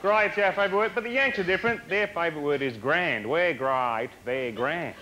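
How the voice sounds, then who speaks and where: A man with an Australian accent doing a brash stand-up routine, rattling off lists and shouting punchlines. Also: fairly high pitch, normal speed, a little hiss or hum. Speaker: stand-up comedian.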